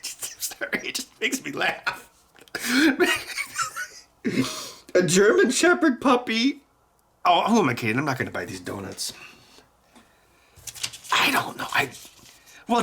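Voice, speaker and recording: A man hosting a casual vlog, animated and jokey with frequent laughter. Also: fairly high pitch, a little slow, pauses often, husky. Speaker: tech YouTuber.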